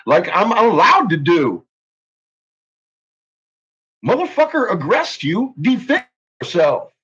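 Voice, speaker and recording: A man's voice: high voice, very animated, slow pace, a bit bright, breathy edge, muffled recording. A man ranting angrily on his channel, swearing constantly and making heated threats. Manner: profane, heated, swaggering threats. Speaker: YouTuber. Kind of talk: angry ranting vlog.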